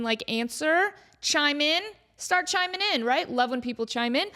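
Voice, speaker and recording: A woman's voice: sits high, moderate pace. A woman in her thirties hosting her own podcast, chatting casually and bubbly, full of "like" fillers and playful asides. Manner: playful, jumps into excited voices when telling stories. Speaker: podcast host. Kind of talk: casual solo podcast chat.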